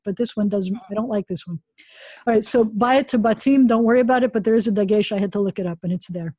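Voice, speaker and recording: A woman's voice: a little high, quick pace, dark tone, breathy edge, dry recording. A woman rabbi teaching a Hebrew class over a video call, chatty and self-deprecating.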